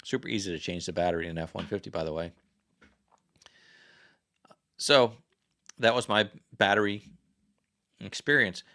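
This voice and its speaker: A man's voice: on the low side, normal speed, long pauses, bright, forceful tone. A man hosting a casual livestream chat, rambling and chatty and often correcting himself. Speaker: livestream host.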